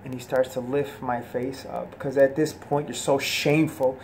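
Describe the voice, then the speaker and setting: A man of middle pitch gives a personal religious testimony, soft-spoken and earnest. He halts often, restarting phrases and filling pauses. A faint hum of background noise sits under his voice. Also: level tone. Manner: halting, with many fillers and restarts.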